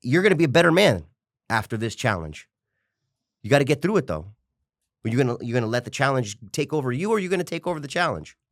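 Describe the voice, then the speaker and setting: Recorded dry with clean studio sound, a man in his forties who coaches fitness shares his personal story on an interview. His mid-range voice swings widely in pitch and he talks fast, rambling with passion, starting over, and cursing.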